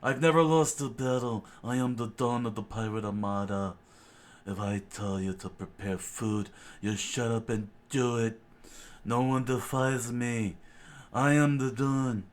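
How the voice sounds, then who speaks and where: A man reading a storybook and voicing a boastful, armored male pirate warlord who makes booming declarations in a fairly low voice. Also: flat delivery, unhurried, hardly any pauses, natural voice.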